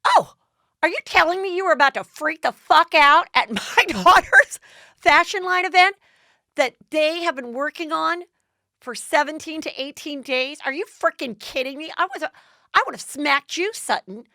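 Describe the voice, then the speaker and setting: A woman putting on a loud, dramatic, bubbly woman with a shrill, theatrical way of talking. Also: sing-song, normal speed, no echo, studio quality. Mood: outraged.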